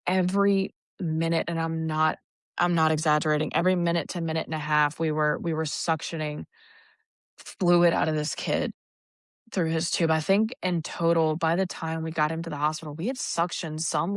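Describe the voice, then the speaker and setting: Young woman paramedic guest: low and gravelly, raw and halting, close dry podcast mic. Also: dry recording. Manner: raw, halting recounting with restarts and profanity. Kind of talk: emotional podcast storytelling.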